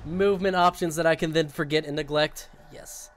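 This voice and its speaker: A young man streaming a video game, talking casually with excitable outbursts, rambling asides and a lot of swearing. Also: on the high side, a little fast, slight background noise. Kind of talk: casual gaming commentary.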